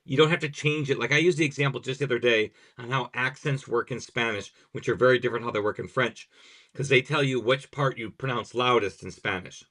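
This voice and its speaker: A man's voice: mid-range voice, fairly quick, fairly bright tone. A man hosting a podcast who is also a language teacher, explaining grammar examples step by step in conversation.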